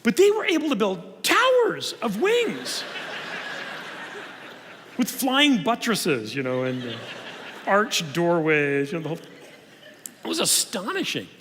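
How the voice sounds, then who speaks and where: Lively, high-voiced male lecturer in a hall. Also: measured pace, pauses often, slight background noise. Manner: animated storytelling, frequent restarts. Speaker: conference speaker. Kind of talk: humorous lecture. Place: church auditorium. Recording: long reverb of a church hall.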